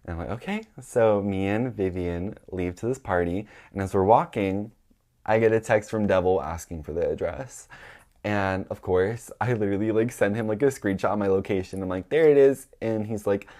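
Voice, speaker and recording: Young man, casual storytime chat, chatty, says "like" a lot, lowish voice. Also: moderate pace. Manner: chatty, heavy use of "like", acts out quotes in high excited voices.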